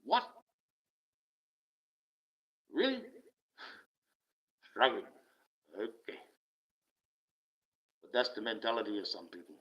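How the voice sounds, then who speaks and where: A man hosting a livestream in a casual rant, profane and sarcastic, swinging from loud outbursts to mutters, on dull lo-fi audio. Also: lowish voice, huge pitch swings, moderate pace, long pauses. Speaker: livestream host.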